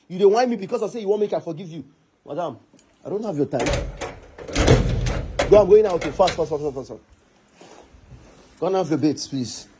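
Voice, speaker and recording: A Nigerian man delivers a heated, scolding rant straight to his online audience, circling back over the same lines in exasperation. His voice sits high for a man and has a husky, breathy edge. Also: animated, moderate pace, pauses often, mellow, low-quality recording.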